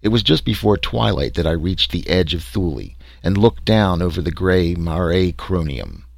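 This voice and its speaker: A man's voice: deep voice, vocal fry, no room sound. A man voicing a wry, sarcastic explorer recounting his trek. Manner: sarcastic, dry storytelling.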